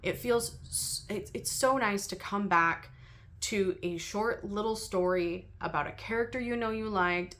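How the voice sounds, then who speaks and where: A woman talking casually through her week's reading with an even, middle pitch. She rambles, giggles often and fills her pauses with ums. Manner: chatty and giggly, laughs often between thoughts; rambling with frequent ums and restarts. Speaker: book reviewer and channel host. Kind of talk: casual chat.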